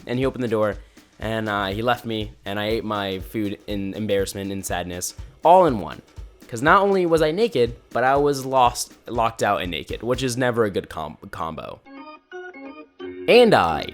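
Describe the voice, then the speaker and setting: A man telling embarrassing stories in a lively, self-deprecating comic style. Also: mid-range voice. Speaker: storyteller. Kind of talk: animated storytime narration.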